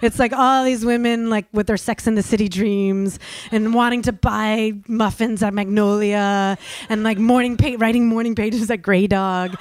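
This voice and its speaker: A woman's voice: on the high side, steady tone, moderate pace, dry recording. A woman from New York telling a personal story in the first person, chatty and full of fillers, often laughing at herself.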